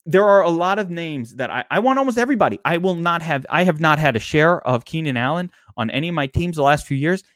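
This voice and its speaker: A man's voice: fairly high pitch, expressive, fast, hardly any pauses, fairly bright tone, dry recording, studio quality. A man co-hosting a casual fantasy football podcast, ranting and swearing freely as he argues. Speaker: podcast co-host. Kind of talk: casual sports podcast debate.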